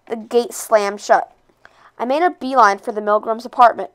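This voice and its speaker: Woman reading a book out loud, kinda high smooth voice, stumbles and rereads sometimes. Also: normal speed. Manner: expressive, with occasional slips and rereads. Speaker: read-aloud narrator. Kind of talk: reading a novel aloud.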